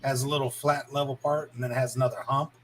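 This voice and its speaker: Bright voiced guy walking through an old army story slowly, bit of background hiss. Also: mid-range voice, little pitch movement, poor audio. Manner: explanatory, drawn-out storytelling. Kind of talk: casual storytelling chat.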